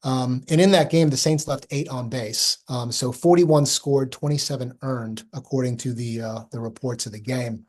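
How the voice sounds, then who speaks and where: Midwest guy giving a chatty history talk with slides, lots of ums and restarts, mid-pitched voice. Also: steady tone, moderate pace, few pauses, a little mellow. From Omaha, Nebraska, US Midwest. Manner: conversational, with frequent ums and restarts. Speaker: presenter at a history society chapter meeting. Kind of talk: informal history lecture with slides.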